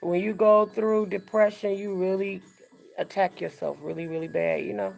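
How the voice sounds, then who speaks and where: A woman's voice: mid-range voice, steady tone, moderate pace, creaky, darkish tone, soft background music. A woman hosting a casual live stream from home, chatting and confiding to viewers she calls y'all and girl.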